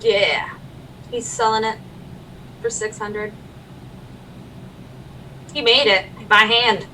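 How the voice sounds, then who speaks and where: A woman co-hosting a casual livestream chat, rambling and quick to laugh. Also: medium pitch, steady tone, recorded from a distance, background noise. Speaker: stream co-host.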